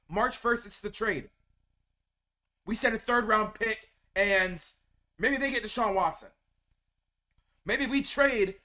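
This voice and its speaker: A man vents to camera about his team in a heated fan rant, often stumbling over and repeating his words. His voice sits high and swings widely in pitch. The tone is bright and sharp. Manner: heated, venting, repeats words when upset. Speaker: sports video creator.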